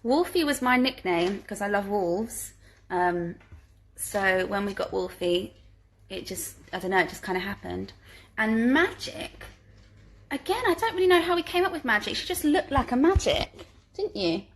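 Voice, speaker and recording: A woman's voice: medium pitch, expressive, moderate pace. A woman, chatting casually on a live stream from home and reading out viewer questions, giggly and full of ums. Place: home living room.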